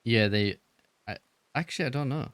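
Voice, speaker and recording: A man's voice: mid-range voice, normal speed, fairly bright tone, no echo. A man chatting in character in a western roleplay game, laid-back and rambling. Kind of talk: in-character casual chat.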